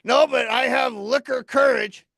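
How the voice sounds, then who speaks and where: A man's voice: very high voice, fairly even intonation, a little slow, vocal fry, a bit bright, no room sound, exaggerated voice. A man voicing a boozy, sarcastic male orb puppet in a ventriloquist act, trading insults. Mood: boastful.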